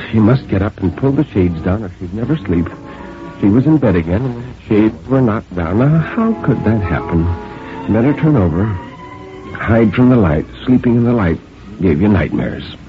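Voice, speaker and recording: A man with a fairly low voice narrates a radio drama in a grave, measured way. The sound is narrow and tinny, like an old broadcast heard over a phone line. Faint music runs underneath.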